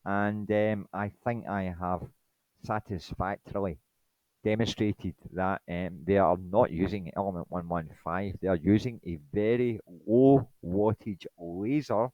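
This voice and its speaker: A man's voice: low-pitched, steady tone, unhurried, no echo, lo-fi sound. A man giving a rambling, indignant monologue presentation that dismisses his critics.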